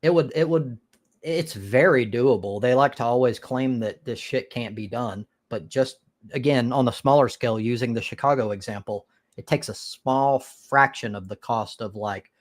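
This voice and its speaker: An American man hosting a live stream, swearing freely and rambling through restarts. His voice sits at an everyday middle pitch. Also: normal speed. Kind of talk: casual crude chat.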